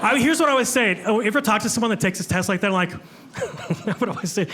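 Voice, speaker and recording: High-voiced stand-up comedian man. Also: expressive, fast, pushed and bright. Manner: self-deprecating, chatty with the crowd. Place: comedy club stage with a live audience. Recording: live room with audible crowd ambience.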